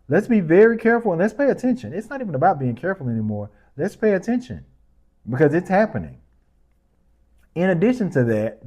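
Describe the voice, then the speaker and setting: A man hosting his own news commentary podcast, speaking passionately with casual asides, then settling into a calmer, more respectful tone. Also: on the high side. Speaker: podcast host.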